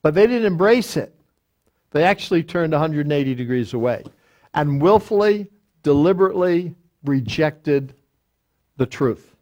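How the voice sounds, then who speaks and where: A man's voice: fairly high pitch, animated, a little mellow. An older man, a pastor, teaching a Bible study verse by verse, quoting reference books aloud and often restarting with fillers. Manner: deliberate, quotes lexicons aloud, frequent fillers and restarts.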